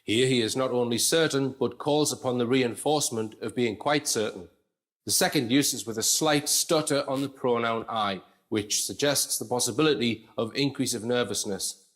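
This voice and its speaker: Male presenter, mid-pitched, talks through an analysis casually, checking in with the audience. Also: fairly bright tone. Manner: conversational, explains step by step, frequent "okay" and "right". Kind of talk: lecture-style commentary.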